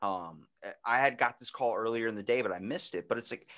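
A man hosting a podcast in casual chat, telling stories with lively acted-out voices and plenty of swearing. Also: mid-range voice, fairly quick. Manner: animated storyteller acting out voices, swears freely. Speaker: podcast host.

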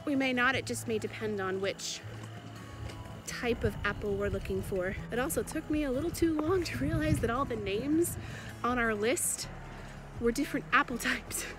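A woman's voice: on the high side, moderate pace, music in the background. A woman vlogging casually outdoors in an orchard, bubbly and giggly as she chats. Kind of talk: casual vlog chat.

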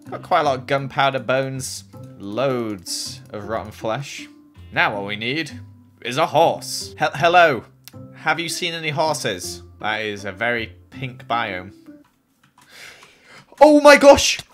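A young man giving chatty, excitable commentary while playing a video game. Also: medium pitch. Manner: excitable, chatty, jumpy exclamations. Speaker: gaming YouTuber. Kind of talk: casual Let's Play commentary.

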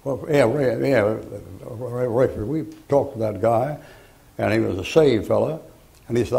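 A man's voice: medium pitch, measured pace, vocal fry, warm tone. An older man preaching a folksy, joking sermon, rambling through homespun stories.

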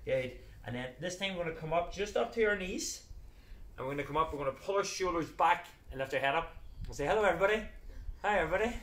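A man's voice: a little high, lively intonation, quick pace, a bit bright, echoey room. Upbeat man coaching a kids' workout. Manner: upbeat, playful, step-by-step cueing. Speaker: children's PE coach. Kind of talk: live exercise class instruction. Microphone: camera set back across the room.

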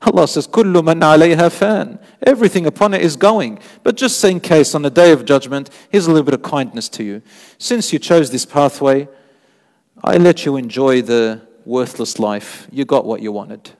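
Animated preacher in a reverberant hall. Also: male voice, on the high side, normal speed. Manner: animated storytelling, rising emphasis, quotes Arabic scripture. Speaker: sheikh giving a mosque lecture. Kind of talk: sermon. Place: mosque lecture hall.

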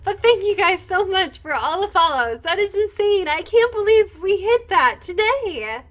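A woman's voice: very high voice, very animated, normal speed. A woman streaming live while she plays a game, gushing and thanking her viewers one by one, moved almost to tears. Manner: easily moved, close to tears. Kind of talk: casual live-stream chat while gaming.

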